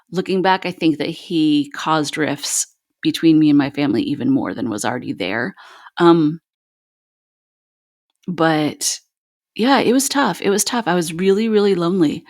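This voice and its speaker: A woman with a notably low voice shares her own painful story as a guest on a podcast. She talks candidly and haltingly, with frequent "like" and "um" fillers. The recording is dry and close, with no room sound. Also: no room sound. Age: adult with children. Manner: raw, unfiltered recounting.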